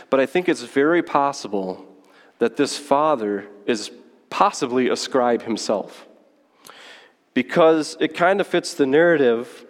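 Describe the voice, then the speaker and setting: A pastor preaching a sermon, teaching through a Bible passage in a conversational way and checking in with the listeners. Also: male voice, a little high. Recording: long hall reverb.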